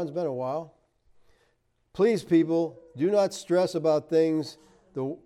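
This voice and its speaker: A middle-aged man, a pastor, reading viewer comments aloud in casual chat, laughing often and swinging from emphatic bursts to low asides. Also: dark tone. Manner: chatty, laughs often, rises emphatic then drops low.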